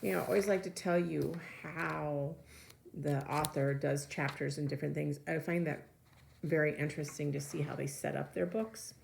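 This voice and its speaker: A woman's voice: deep voice, steady tone, normal speed, gravelly, a little mellow, a little hiss or hum. A woman teacher reading a children's novel aloud to her students, with chatty asides between the passages.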